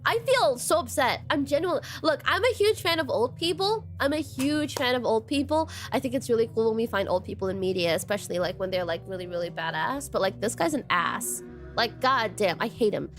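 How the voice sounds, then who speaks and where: Woman streamer, high-pitched, animated, swears, reacts to a game, faint music behind. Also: a little fast. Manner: animated, swearing, chatty with viewers. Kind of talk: live game commentary reading a dating sim aloud.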